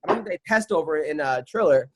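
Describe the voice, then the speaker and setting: A man hosting a casual podcast with a high voice that keeps starting his questions over. He teases his guests and laughs easily as he goes. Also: expressive, fast talker. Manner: teasing, laughs often, many restarts. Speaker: podcast host.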